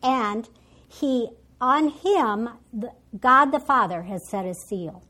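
Higher-voiced woman teaching a Bible study. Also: lively intonation, slow, bright, forceful tone. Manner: thinks aloud with frequent restarts and self-corrections; paraphrases and quotes scripture in a teaching tone.

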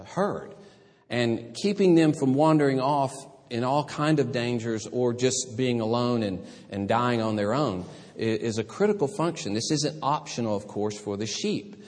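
Guy preaching a sermon in a church, super animated pitch, joking asides, big echoey hall. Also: measured pace. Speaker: pastor.

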